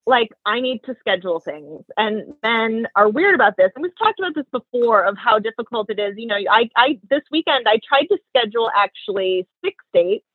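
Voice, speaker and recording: A woman tells dating stories in casual chat, chatty and animated. Her voice is a bit high and husky. The sound is dry and tinny, like a phone line. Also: brisk, few pauses, no room sound. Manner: chatty, animated storytelling with lots of "like". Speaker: podcast co-host.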